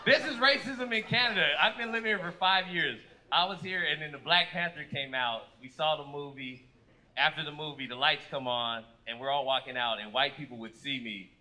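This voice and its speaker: A man from Fresno performing a stand-up comedy set, telling stories with loud acted-out quotes on a club stage. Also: on the high side, fairly quick, slight background noise. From Fresno, California. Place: comedy club stage before a live audience.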